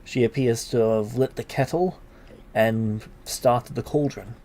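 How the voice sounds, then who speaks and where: A man narrating a tabletop game as game master, in a relaxed, unhurried way. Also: mid-range voice.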